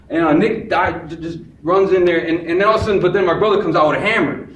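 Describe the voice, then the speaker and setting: A young man from Chicago telling a personal story on stage, animated and acting out the voices of the people in it. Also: on the high side, rapid-fire, few pauses, a little hiss or hum. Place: live stage before an audience. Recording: echoey room, far from the mic, audience.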